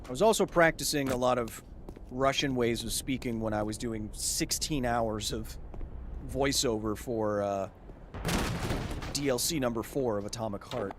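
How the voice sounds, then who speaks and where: Over a noisy background of loud game gunfire and ambience, a man with a medium pitch and moderate pace provides live gameplay commentary. He yelps in surprise at enemies and lectures his chat at length about science.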